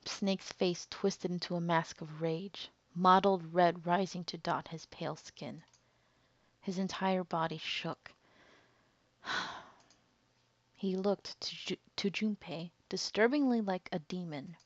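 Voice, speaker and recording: A young woman hosts a let's play, reading game text and reacting openly and emotionally. She talks slowly in a slightly low voice. The home mic sounds dull and lo-fi. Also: fairly even intonation. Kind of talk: casual game commentary and reading.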